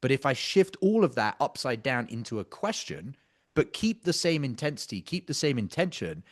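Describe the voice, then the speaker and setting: Animated, emphatic male sales coach. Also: mid-range voice. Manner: emphatic, intense, casually swearing. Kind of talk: coaching commentary on a practice sales call.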